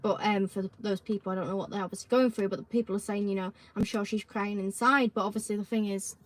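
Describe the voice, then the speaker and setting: A woman's voice: mid-range voice, steady tone, fast talker. A woman hosting a casual chat, talking hesitantly with many fillers. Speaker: host.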